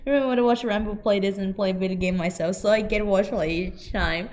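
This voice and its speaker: A woman streaming a video game, reading its dialogue aloud in voices, with loud, giggly bursts of excitement. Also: mid-range voice, a little fast. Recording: light game music behind.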